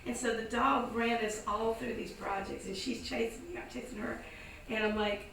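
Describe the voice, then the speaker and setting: A woman's voice: on the high side, normal speed, vocal fry. A woman from the American South telling a story casually to a live audience, acting out the voices of the people in it. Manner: animated, acts out voices in her story. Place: indoor event space. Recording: echoey room, distant mic, some noise.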